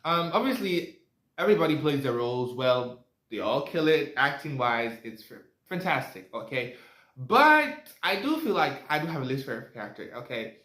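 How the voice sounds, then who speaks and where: A man's voice: medium pitch, very animated, normal speed, pushed and bright. Young male reviewer, loose chatty delivery, roomy echo on the voice. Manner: rambling, chatty, lots of fillers and asides. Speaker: movie reviewer. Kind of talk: casual spoken movie review. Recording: echoey room.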